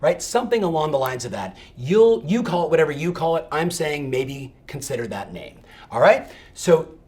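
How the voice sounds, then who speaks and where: A middle-aged man giving an energetic coaching talk to real estate agents, emphatic and fired up, often checking in with "right?". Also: fairly high pitch, moderate pace.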